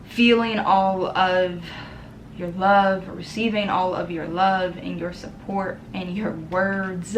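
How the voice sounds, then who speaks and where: A woman's voice: lowish voice, steady tone, slow. A young woman vlogger talking earnestly to camera in a casual, heartfelt way, with lots of ums and a tearful edge. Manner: earnest, many ums, emotional and tearful at times. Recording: roomy echo with faint background noise.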